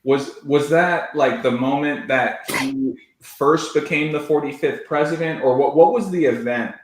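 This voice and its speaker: A man's voice: a little high, a little slow, a little hiss or hum. A man on an online roundtable, eagerly cutting in and stressing his points. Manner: eager, interjecting, emphatic. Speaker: roundtable panelist. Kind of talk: casual online roundtable discussion. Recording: roomy echo.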